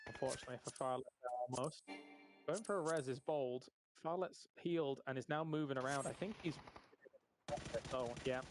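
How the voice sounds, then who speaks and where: A man's voice: medium pitch, background noise. A man in his thirties doing live play-by-play esports commentary, upbeat and bantering with his co-caster. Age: 30s.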